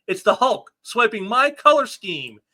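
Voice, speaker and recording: A man's voice: high-pitched, sing-song, unhurried, bright, forceful tone, pitched above the performer's own voice, heavily acted. A man reading the lines of a bitter, blustering, dim male supervillain from a comic book. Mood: resentful. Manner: resentful, blustering.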